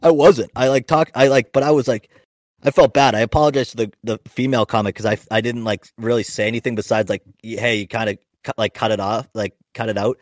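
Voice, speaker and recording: This young man's medium-pitched voice is steady and a little mellow, and he talks fast, recorded dry with clean studio sound. A podcast host and stand-up comic, he tells profane, wandering stories in a casual way, frequently breaking off and restarting.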